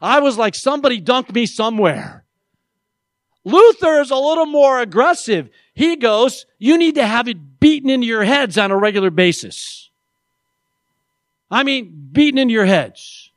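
A man preaching a sermon as pastor, animated and playful, acting out little quoted voices. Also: high-pitched, brisk, no echo.

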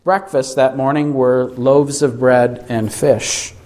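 A man preaching a sermon, asking his listeners rhetorical questions and answering them himself with emphatic, deliberate delivery. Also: mid-range voice, little pitch movement, darkish tone.

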